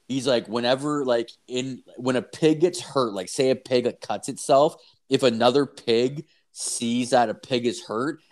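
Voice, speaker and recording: A young man telling rambling, profanity-laced stories in casual chat. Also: medium pitch. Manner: profane, rambling, animated storyteller.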